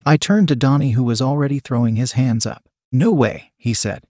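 Young guy reading out a story, steady plain voice, dry close mic, no room sound. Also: mid-range voice, fairly quick, no echo. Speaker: narrator. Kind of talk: first-person story reading.

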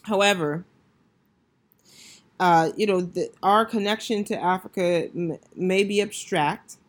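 Woman, podcast host, low voice, reflective, conversational, fillers and restarts. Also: unhurried. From United States. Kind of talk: solo podcast commentary.

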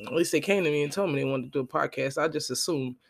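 A podcast host telling a profane, animated story in a casual monologue, quoting the people in it. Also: male voice, a little high, fast, gravelly. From Florida.

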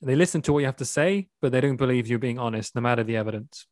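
A Swedish man hosts a podcast, teasingly quizzing his guest like a playful quizmaster in a quiz-style chat. His mid-range voice is darkish and very fast, captured in a dry recording.

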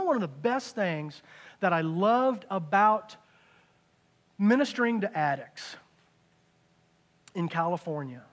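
A man preaching a conversational sermon, dropping into hushed asides and rising into loud excited bursts. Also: high-pitched. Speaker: pastor.

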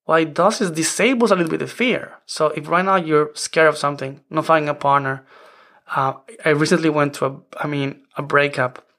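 A man's voice: on the high side, steady tone, fairly quick, gravelly, a bit bright. A man in his forties, not a native English speaker, hosting a self-help podcast in an earnest, rambling way. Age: 40s. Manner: earnest, rambling with many "I mean" restarts. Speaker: podcast host.

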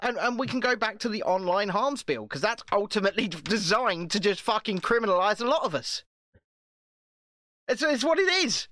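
A man's voice: high-pitched, animated, moderate pace, pushed and bright, no room sound, studio quality. A man co-hosting a podcast, ranting and swearing in casual political chat, often repeating himself. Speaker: podcast co-host.

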